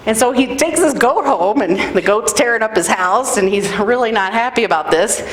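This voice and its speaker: A woman pastor giving a sermon in a conversational, animated storytelling way. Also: medium pitch, brisk, hardly any pauses. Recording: echoey room, faint noise.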